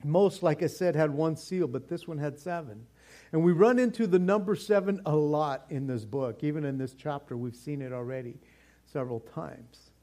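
Man, pastor, sermon, animated, casual slang, slightly high voice. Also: normal speed. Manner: animated, casual slang, repeats words when stressing.

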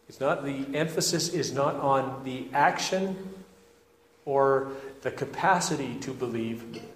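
Earnest preacher man in echoey hall. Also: mid-range voice. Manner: earnest and deliberate, with frequent restarts. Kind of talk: expository sermon. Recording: echoey hall with faint ambience.

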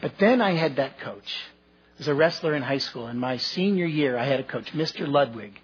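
A man's voice: mid-range voice, lively intonation, normal speed, slightly rough, highs cut off. A man preaching a sermon as pastor, telling folksy stories with self-deprecating humor.

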